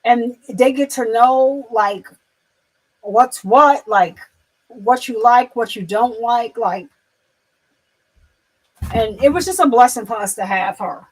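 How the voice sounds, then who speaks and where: A woman chatting casually on a livestream, rambling with many fillers and restarts, turning soft and emotional as she speaks of loss. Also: fairly high pitch, slow pace, pauses often, rough recording. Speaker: livestream host.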